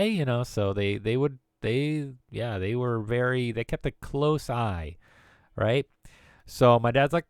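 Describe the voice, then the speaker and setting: A man's voice: medium pitch, takes it slowly, clear, resonant tone, no echo, clean studio sound. A man in his late thirties, from the former Soviet Union, streaming from home and chatting in a rambling way, often laughing and restarting sentences. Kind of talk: casual rambling chat.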